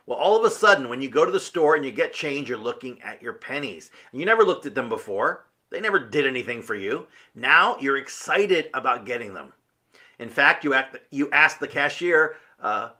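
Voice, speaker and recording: A man's voice: mid-range voice, big pitch swings, normal speed, sharp tone. A man giving an earnest, emphatic motivational talk, full of rhetorical questions. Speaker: motivational speaker.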